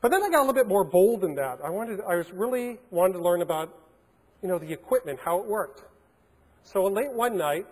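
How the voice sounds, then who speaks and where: High-voiced man telling stories in a reverberant hall. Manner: animated anecdotal storytelling with fillers. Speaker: keynote speaker. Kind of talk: storytelling keynote. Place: hotel conference hall. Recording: long reverb of a large hall.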